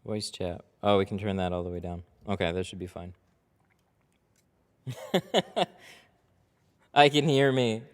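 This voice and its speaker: A man's voice: fairly low pitch, slow pace, pauses often. Chatty man in an echoey tint shop. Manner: chatty, rambling, laughs often. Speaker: window tint shop owner livestreaming. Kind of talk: casual livestream chat while working. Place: car tint workshop. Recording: echoey reverberant workshop.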